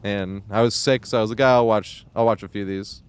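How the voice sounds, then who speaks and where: A man's voice: lowish voice, steady tone, fast talker, smooth. A young man streaming a video game, chatting casually and rambling, laughing often and swearing freely. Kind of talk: casual gaming stream chat.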